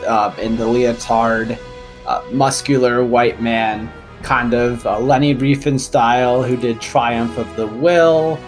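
A young man co-hosting a podcast, thinking aloud about a film with frequent uhs and restarts. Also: medium pitch. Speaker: podcast co-host. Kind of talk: casual film discussion.

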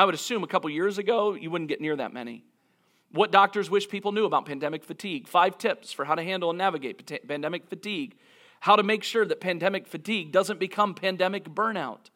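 A man preaching a sermon as a pastor, earnest and reflective, slowing down to stress key phrases. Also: a little high, a bit bright. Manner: earnest, reflective, with frequent restarts and dramatic slowdowns.

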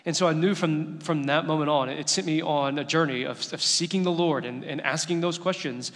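A man's voice: on the high side, brisk, a bit bright, big-room sound. A male pastor giving a sermon, telling stories in an earnest, conversational way.

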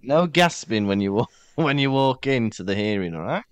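Welsh male podcast co-host, animated joking delivery, dry close sound. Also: mid-range voice, moderate pace, clear, resonant tone, no room sound. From Wales. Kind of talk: casual chat.

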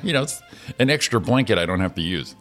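A man's voice: fairly low pitch, animated, fast, a bit bright, soft background music. A man co-hosting a casual morning show, joking, laughing often and swearing casually. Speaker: co-host.

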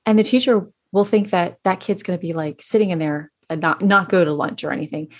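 A woman's voice: fairly low pitch, a little fast. A middle-aged woman in casual advice talk, speaking as a school educator to parents, chatty with many fillers and restarts.

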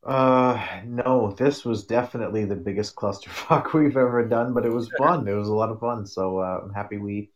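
A man's voice: fairly low pitch, normal speed, hardly any pauses, highs cut off. A man from Canada co-hosting a podcast, laid-back and understated in casual chat.

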